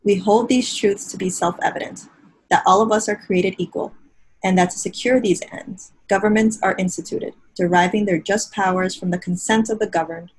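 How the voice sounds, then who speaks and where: A woman's voice: medium pitch, steady tone, moderate pace, slightly rough, low-quality recording. A woman giving a declamatory, challenging dramatic reading during a worship service.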